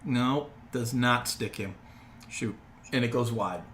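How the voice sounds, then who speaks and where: A man's voice: mid-range voice, slow, a bit bright, a little hiss or hum. A man narrating as game master of a tabletop game, with loose, laughing asides.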